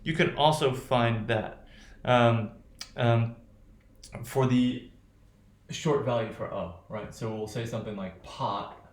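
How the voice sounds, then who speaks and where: Casting: male pronunciation teacher, mid-pitched, loose rambling lecture, reverberant room. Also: fairly even intonation, slow pace, long pauses. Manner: thinks aloud with many fillers and "right?" tags. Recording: echoey room.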